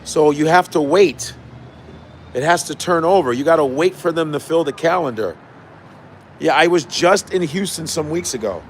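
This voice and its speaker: A man's voice: a little high, moderate pace, slight background noise. A man hosting his own livestream as a comedian, chatting loosely with viewers, swearing and repeating lines for emphasis. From United States. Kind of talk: casual chat with viewers.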